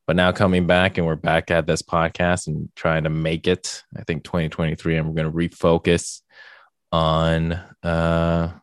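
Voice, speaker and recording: A young man hosting a podcast in casual chat, rambling with lots of fillers and getting animated when he jokes. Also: sits low, a little slow, clear, resonant tone, dry recording. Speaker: podcast host.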